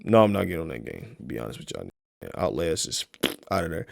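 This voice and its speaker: A young man streaming a casual reaction video, profane and mocking, swinging into shouts. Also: rumbling low, sing-song, quick pace, gravelly, slight background noise.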